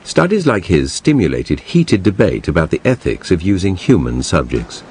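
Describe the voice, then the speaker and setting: Man, documentary narrator, very deep, animated delivery, soft music. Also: moderate pace, a little hiss or hum.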